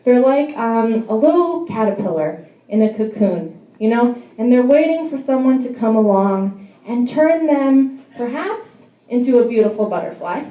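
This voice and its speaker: A woman's voice: a little high, lively intonation, normal speed, warm tone, roomy sound, poor audio. A young adult woman doing a stand-up comedy set in a bar, telling wry, self-deprecating stories. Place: bar venue.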